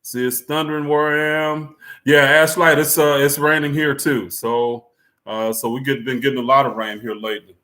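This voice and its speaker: A man's voice: medium pitch, level tone, moderate pace, bright, forceful tone. A man, chatting casually with his viewers as a live-stream host in a laid-back, talkative way and laughing often. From United States. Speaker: livestream host greeting viewers.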